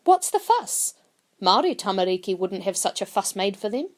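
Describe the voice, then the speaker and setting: A woman voicing an older Māori woman, earnest and indignant, speaking higher and pleading. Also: big pitch swings, moderate pace, close to an everyday voice. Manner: pleading, rising and emphatic.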